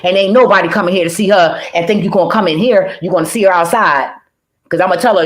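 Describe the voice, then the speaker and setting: A woman's voice: mid-range voice, quick pace. A woman reaction vlogger talking casually, profane, emphatic and rambling. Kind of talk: casual livestream rant.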